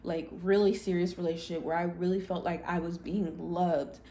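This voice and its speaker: A young adult woman hosting a podcast, telling a personal story in a candid, blunt and expressive way. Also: on the low side, moderate pace, a little hiss or hum. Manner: blunt, expressive, animated when quoting herself. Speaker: podcast host.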